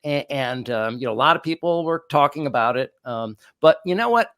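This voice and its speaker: A man hosting a podcast, speaking with animated, indignant sarcasm. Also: medium pitch, brisk. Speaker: podcast host, psychologist. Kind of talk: commentary chat.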